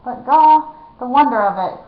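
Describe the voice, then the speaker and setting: A woman reading a children's novel aloud, lively and dropping to a hush in tense moments. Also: high-pitched, moderate pace. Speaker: reader. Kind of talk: storybook reading. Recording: echoey, dull lo-fi room.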